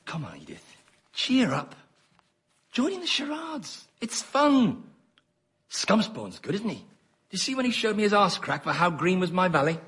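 Man, brash, tactless, very wide pitch swings, noisy background. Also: huge pitch swings, moderate pace, pauses often. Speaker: sitcom character. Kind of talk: sitcom acting.

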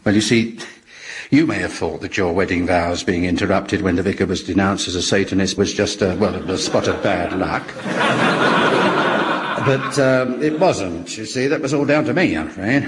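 Brief: an apologetic ghost, lowish voice, lively stammering delivery. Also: male voice, a little hiss or hum. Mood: tender. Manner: halting, apologetic, tender. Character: gentle, awkward male ghost professor. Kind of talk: radio comedy acting.

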